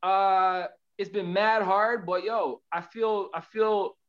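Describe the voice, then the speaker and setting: A man co-hosting a casual podcast over a video call, slangy and rambling, trailing off low at the ends of thoughts. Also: steady tone, slow pace, lo-fi sound. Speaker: podcast co-host. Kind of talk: casual chat.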